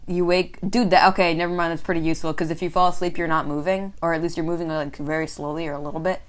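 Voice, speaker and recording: A woman co-hosting a casual podcast chat, rambling excitedly with lots of filler words and restarts. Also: fairly low pitch, fast talker. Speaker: podcast co-host.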